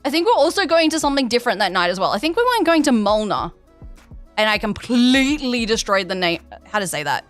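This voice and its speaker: A woman's voice: a little high, big pitch swings, fast, hardly any pauses, soft background music. A young Australian woman streaming a game, chatting in a rambling way and answering her chat over a headset mic. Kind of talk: casual chat while gaming.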